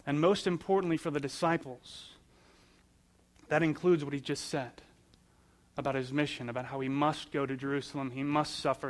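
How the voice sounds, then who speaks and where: A man preaching a sermon in a conversational way, asking questions and answering them, repeating phrases for emphasis. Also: on the high side. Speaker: pastor.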